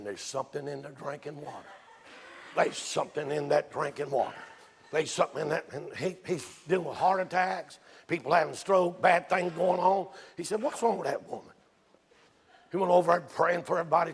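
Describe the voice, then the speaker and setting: A man preaching a sermon in a church, telling folksy stories that rise into excited shouts. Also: fairly high pitch, slightly rough. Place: church sanctuary. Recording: long reverb from a church hall.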